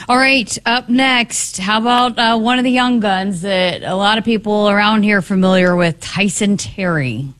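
A woman hosting a sports talk show, briskly moving it from topic to topic. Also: medium pitch, fairly bright tone. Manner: brisk, moving things along.

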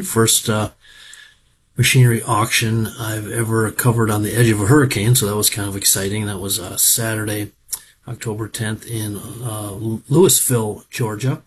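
A man's voice: lowish voice, fairly even intonation, moderate pace, slight background noise. A middle-aged man from Minnesota giving a rambling, folksy spoken report on farm equipment auctions, with lots of fillers.

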